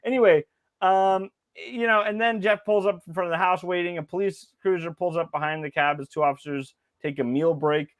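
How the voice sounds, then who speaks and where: A man with a somewhat high voice chats casually as a podcast co-host. He rambles, trips over his words and restarts often. The sound is dry and close with no room echo. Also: fairly even intonation, a little fast. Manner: rambling, many restarts and fillers. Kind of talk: casual chat.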